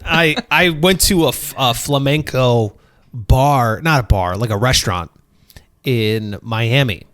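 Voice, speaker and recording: A man's voice: medium pitch, slow. A man hosting a casual comedy podcast, joking around and slipping into silly voices. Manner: animated, jokey, puts on silly voices. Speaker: podcast host. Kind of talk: casual banter.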